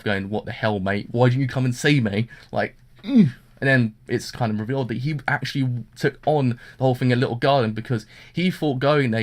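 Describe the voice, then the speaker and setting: A man giving a casual, rambling anime review with constant fillers, acting out the characters' lines as he retells them. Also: medium pitch. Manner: rambling, full of fillers, acts out quotes.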